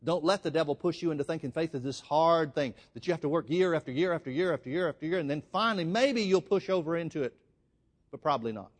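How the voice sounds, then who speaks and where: Preacher guy, high voice, telling a story to the folks. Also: fast. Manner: emphatic storytelling, addresses the congregation as folks. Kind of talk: sermon.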